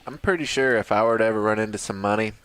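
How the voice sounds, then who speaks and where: A man's voice: on the low side, rapid-fire, a bit bright, smooth, no echo. A man co-hosting a casual comedy podcast, rambling and swearing freely. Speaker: podcast co-host. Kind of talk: casual chat.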